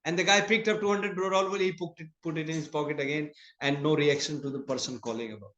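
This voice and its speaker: A man's voice: fairly high pitch, steady tone, fast talker, fairly bright tone. A man giving a scripture class in a temple. He talks in a conversational way, tells stories and laughs often. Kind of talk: sermon. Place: temple hall. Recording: echoey temple hall.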